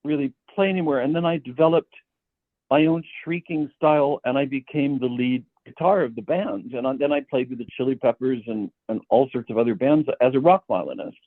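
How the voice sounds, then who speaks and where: Speaking a little fast at medium pitch, the composer spins long stories, stumbling and repeating words at the start of sentences. There's no echo, just a tinny phone-like sound.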